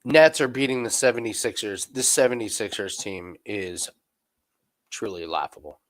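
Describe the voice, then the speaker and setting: A man hosting a live sports betting stream, chatting casually, joking, repeating catchphrases and breaking into loud laughter. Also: lowish voice, normal speed. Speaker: sports betting show host.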